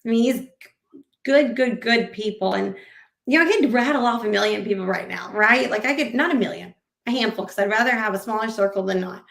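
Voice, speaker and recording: A woman's voice: medium pitch, brisk, gravelly, fairly bright tone. A woman hosting a podcast, talking casually and animatedly, often acting out quoted conversations. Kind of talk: casual interview chat. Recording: roomy echo.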